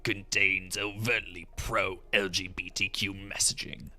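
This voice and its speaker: A man voicing a sinister old male galactic emperor, speaking low and slow in a half-whispered menace. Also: level tone, pushed and bright, faint music behind, full character voice. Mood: menacing.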